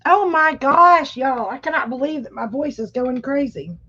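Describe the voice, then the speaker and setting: A woman's voice: high voice, lively intonation, normal speed, bright, forceful tone, lo-fi sound. A woman chatting casually to viewers on a live stream, her throat irritated and coughing. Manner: chatty, talks straight to viewers. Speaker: livestream host; schoolteacher.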